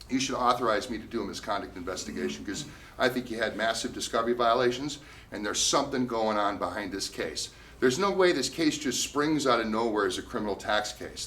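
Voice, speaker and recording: A man's voice: medium pitch, fairly bright tone. A male attorney giving a talk at a meeting, telling a case story with emphatic, indignant storytelling. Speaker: tax attorney speaking at a meeting. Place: meeting room.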